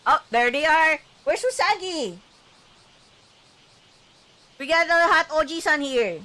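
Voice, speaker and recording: A woman's voice: sits high, animated, takes it slowly, long pauses, sharp tone. A young woman streamer chatting casually through a let's-play, giggly and reading the game text aloud.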